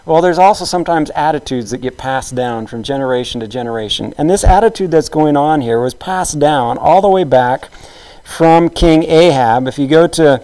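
A man's voice: a little high, moderate pace, darkish tone, rough recording. Man preaching in a storytelling way. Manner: conversational storytelling, acts out quotes. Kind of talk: sermon.

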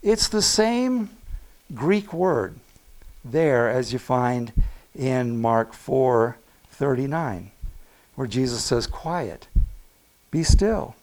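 A man preaching a sermon to his congregation, talking to them directly with asides and quick laughs, and swinging between loud calls and near-hushed moments. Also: mid-range voice. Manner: animated preaching with big swings in loudness, dropping to a hush. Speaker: pastor.

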